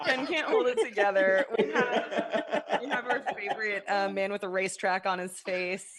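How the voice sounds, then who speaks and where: A woman co-hosting a live comedy show, upbeat and quick to laugh as she introduces acts. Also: mid-range voice, a loud crowd. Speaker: co-host.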